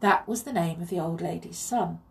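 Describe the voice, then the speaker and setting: A woman reading a children's story aloud in an expressive, measured way. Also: fairly low pitch, creaky.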